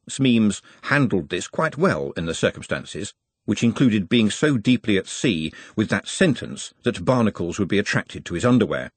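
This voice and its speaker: A man narrating a comic novel with wry, expressive timing. His husky voice swings widely in pitch from line to line. The sound is dry and close, with no room around it. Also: normal speed, no echo. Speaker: audiobook narrator. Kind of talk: scripted narration.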